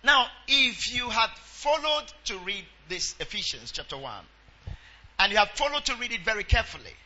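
A man's voice: high voice, big pitch swings, normal speed, bright, forceful tone, muffled recording. A Nigerian pastor preaching a sermon. He half-sings scripture verses in a sing-song chant and calls out to his congregation.

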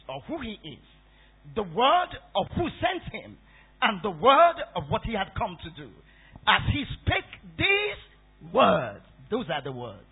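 A man's voice: sits high, slightly rough. A man preaching a Bible-study sermon, repeating points and quizzing the congregation with questions. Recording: tinny phone-like recording.

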